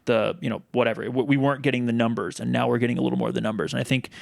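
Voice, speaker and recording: Male co-host, casual, gravelly tone, dead-dry close mic. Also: medium pitch, flat delivery, rapid-fire, no room sound. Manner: chatty, many restarts and fillers. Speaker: podcast co-host. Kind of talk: casual chat.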